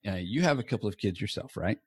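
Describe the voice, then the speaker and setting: A man's voice: fairly low pitch, lively intonation, quick pace, a little mellow, breathy edge, no echo. A man hosting a podcast from a small home office, chatting loosely and casually with a guest and swearing now and then. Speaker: podcast host. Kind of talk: casual chat. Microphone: earbuds.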